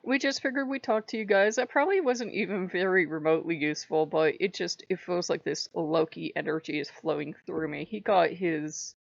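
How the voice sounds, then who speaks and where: A woman's voice: lowish voice, steady tone, fairly quick, gravelly, few pauses, no room sound. A woman chatting casually to camera in a rambling way, laughing often and speaking frankly with some swearing. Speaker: vlogger. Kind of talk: casual chat. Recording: dull lo-fi recording.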